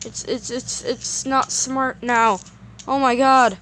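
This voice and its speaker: A woman giving casual gameplay commentary, excitable and rambling, often repeating words when flustered. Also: high-pitched, takes it slowly, a little hiss or hum.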